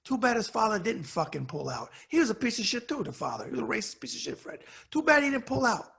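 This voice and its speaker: A man's voice: high voice, very animated, fast talker, creaky, a bit bright, husky. A middle-aged man with a New York accent, hosting his own show and delivering an angry, profane rant straight to his viewers. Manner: heated, cursing, blunt. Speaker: commentary show host.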